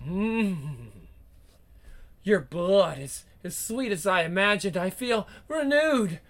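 A woman voicing a cruel, seductive vampire queen in a comic book read-aloud, with slow, taunting, theatrical delivery and growls. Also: medium pitch, expressive. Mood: gloating.

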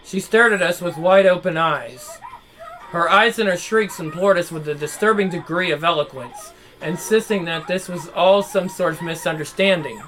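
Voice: mid-range voice, moderate pace, fairly bright tone, a little hiss or hum. Reader narrating a visual novel. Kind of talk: reading a visual novel aloud.

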